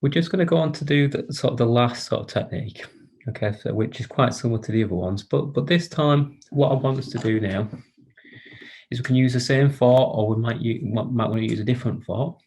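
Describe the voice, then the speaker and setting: A man presenting an online workshop for carers over a video call, speaking in a gentle, inviting way with frequent hesitations and restarts. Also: medium pitch, a little fast, husky.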